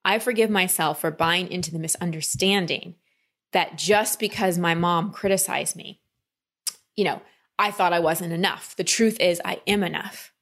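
A woman coaching a client in a calm talk, often slipping into quoted inner voices. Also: lowish voice, normal speed. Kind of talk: coaching session.

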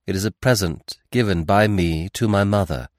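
A man voicing a young male prisoner who answers quietly and steadily in an audiobook reading. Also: deep voice, moderate pace, dry recording, studio quality, close to an everyday voice. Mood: steady.

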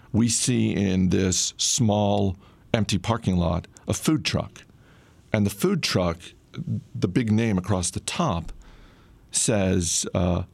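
Middle-aged male storyteller, low and gravelly, dry close sound, laid-back anecdote delivery. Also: dry recording. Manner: relaxed, conversational, frequent "uh" fillers. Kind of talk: casual personal storytelling.

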